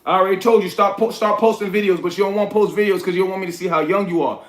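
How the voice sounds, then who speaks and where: A man with a New York accent chats on his livestream, answering comments one by one. His voice sits high, and he gives blunt, street-style advice. The sound rings in an echoey room. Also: fairly even intonation, racing. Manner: reads chat aloud, coaching and scolding viewers. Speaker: livestream host. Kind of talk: casual livestream chat.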